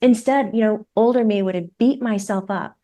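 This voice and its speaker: A woman, a psychic medium who is a guest on a podcast, tells stories in a lively way and acts out the voices of the people in them. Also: medium pitch, moderate pace. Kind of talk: conversational storytelling.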